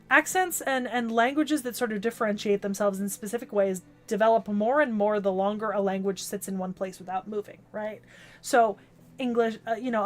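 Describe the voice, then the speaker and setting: A young woman with a Californian accent chatting casually on an anime club podcast, rambling with lots of "like" and "um" and asking "right?". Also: on the high side. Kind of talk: casual chat.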